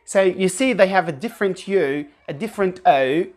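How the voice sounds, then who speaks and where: A woman's voice: fairly low pitch, a little mellow. A woman teaching English pronunciation in an online lesson, demonstrating sounds by repeating words with exaggerated intonation and often restarting her sentences. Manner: restarts often, halting explanations.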